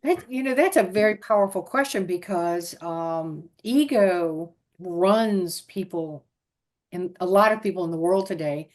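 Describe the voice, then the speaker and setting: A woman's voice: on the low side, unhurried, darkish tone. A woman interviewing a guest, thoughtful and asking questions with some fillers. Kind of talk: interview conversation.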